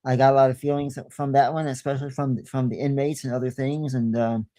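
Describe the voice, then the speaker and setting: A man guesting on a paranormal podcast, telling stories in a casual, folksy way. His voice is mellow and warm at a middle pitch, and he repeats phrases as he goes. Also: flat delivery, fairly quick. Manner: folksy, plain-spoken storyteller who repeats himself. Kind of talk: casual storytelling.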